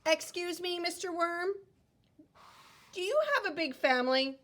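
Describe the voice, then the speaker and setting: A woman's voice: very high-pitched, unhurried, pushed and bright, voice pushed up, exaggerated voice. A woman voicing a curious little girl in a picture book, asking eager questions. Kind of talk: reading a picture book aloud.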